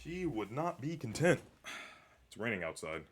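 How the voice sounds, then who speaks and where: A man's voice: mid-range voice, big pitch swings, moderate pace, a little hiss or hum. A young man chatting casually while streaming a video game, rambling with lots of fillers. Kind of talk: casual gameplay commentary. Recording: music playing behind.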